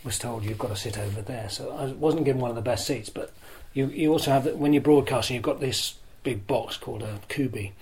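An older man, a former broadcaster being interviewed, telling self-deprecating stories in a chatty, lively way. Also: mid-range voice, brisk, hardly any pauses, poor audio. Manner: lively storyteller who acts out crowd shouts. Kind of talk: anecdotal interview storytelling.

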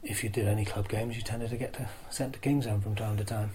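An older man, a former broadcaster being interviewed, telling self-deprecating stories in a chatty, lively way. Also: on the low side, quick pace, a little hiss or hum, poor audio. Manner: lively storyteller who acts out crowd shouts. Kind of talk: anecdotal interview storytelling.

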